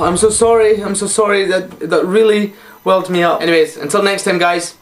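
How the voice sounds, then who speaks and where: A man's voice: high-pitched, steady tone, fairly quick, hardly any pauses, faint music behind. A man hosting a vlog, chatting in a theatrical, gushing, self-mocking way. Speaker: vlog host. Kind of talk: casual vlog chat.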